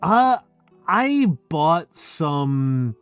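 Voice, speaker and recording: A man's voice: fairly high pitch, very animated, extremely slow, clear, resonant tone, no echo, soft background music. Middle aged guy chatting on his stream from home, rambly, swears a lot, keeps restarting sentences, dry close sound. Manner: rambling, profane, self-interrupting. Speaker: streamer host. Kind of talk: casual drinking stream chat.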